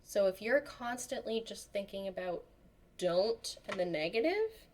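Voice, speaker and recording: Woman guest on a chat show, lively storyteller, does little voices for people she quotes. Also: medium pitch, unhurried. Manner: animated storyteller, acts out quotes. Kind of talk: casual interview chat.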